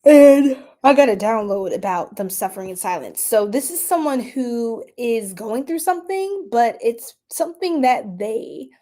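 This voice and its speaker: A young adult woman giving a casual tarot reading, chatty, laughing often and dropping into soft whispers. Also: a little high, expressive, a little slow, few pauses. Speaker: tarot reader.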